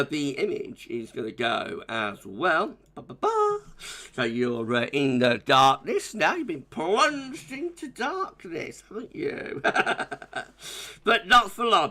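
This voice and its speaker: A man's voice: mid-range voice, pushed and bright. A young man giving a chatty live-streamed weather forecast, reading out viewer comments with a jokey manner.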